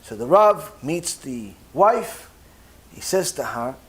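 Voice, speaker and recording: Animated man telling a Torah story. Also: a little high, moderate pace. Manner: animated storyteller who acts out dialogue. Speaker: rabbi.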